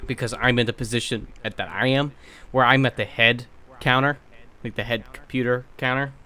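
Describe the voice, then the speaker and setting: A young man co-hosting a podcast in casual chat, telling workplace stories in a blunt, profane, animated way. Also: medium pitch, normal speed. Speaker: podcast co-host.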